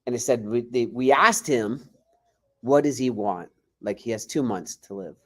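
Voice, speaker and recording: Animated man telling stories. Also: medium pitch, moderate pace. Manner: animated, acts out quoted dialogue. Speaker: martial arts instructor and guest. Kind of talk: casual podcast storytelling.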